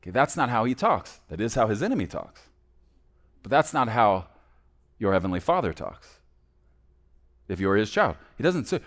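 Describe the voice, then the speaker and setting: Animated male pastor preaching. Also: normal speed, long pauses. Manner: animated preaching, swings between loud emphasis and hushed low asides. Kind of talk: sermon.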